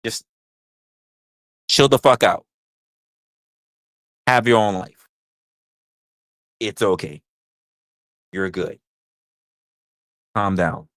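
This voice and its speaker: A man's voice: fairly low pitch, animated, drawn-out words, pauses often, fairly bright tone, no echo. A man hosting a livestream in casual chat, rambling, crude and joking, repeating his phrases into a close mic. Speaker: livestream host.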